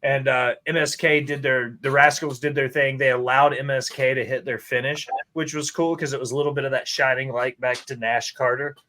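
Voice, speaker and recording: A man co-hosting a wrestling podcast, talking in an animated, joking way with some swearing. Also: mid-range voice, a little fast, hardly any pauses. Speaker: podcast co-host. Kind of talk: casual chat.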